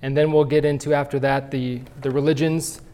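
A man's voice: fairly high pitch, level tone, a little fast, mellow. A man teaching a Sunday school class at church, talking conversationally and often restarting his phrases.

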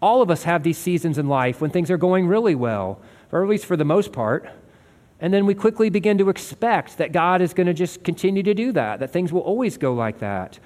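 A man's voice: high-pitched, animated, brisk, a little mellow, big-room sound. A man preaching a sermon as a pastor, earnest and conversational, asking his listeners rhetorical questions.

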